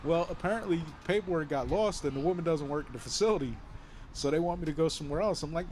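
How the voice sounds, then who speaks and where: A man's voice: on the high side, fast talker, slight background noise. A man chatting casually and telling a long story with lots of energy, acting out the other people's lines and swearing freely. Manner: animated storyteller, acts out quoted voices, swears freely. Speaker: guest telling his story. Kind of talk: casual chat.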